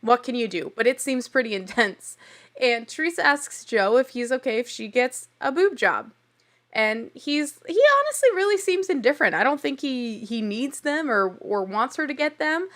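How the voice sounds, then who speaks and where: Young woman host, bright and fairly high voice, candid and chatty, laughs easily. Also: expressive, moderate pace. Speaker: podcast host. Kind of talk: casual TV recap.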